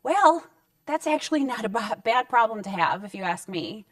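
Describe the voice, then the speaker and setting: Woman counselor, relaxed and reassuring parenting talk, dry and slightly distant mic. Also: a little high, normal speed, dry recording. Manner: conversational and reassuring, acting out short parent-child exchanges. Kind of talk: direct-to-camera parenting advice talk. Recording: dry sound with the mic set back.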